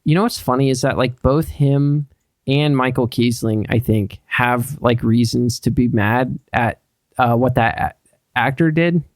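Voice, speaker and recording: A man's voice: mid-range voice, measured pace, no echo. Rambling, swearing male podcast co-host. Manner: rambling, frequent swearing and "like" fillers. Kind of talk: casual chat.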